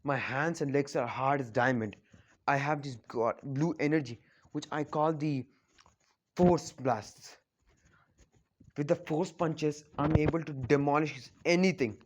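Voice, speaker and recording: A man's voice: a little high, a little slow, a little hiss or hum, close to an everyday voice. A man voicing a confident, earnest young male ninja hero in a fan story he tells aloud, in a lecturing tone. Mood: boastful. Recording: dull lo-fi recording.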